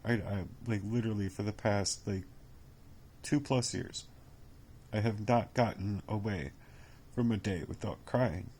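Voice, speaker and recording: A bitter, sarcastic man vlogs in a lowish, darkish voice, with faint hiss or hum behind him. He sounds exhausted and worn down, and his personal monologue rambles, halting and repetitive, peppered with swearing.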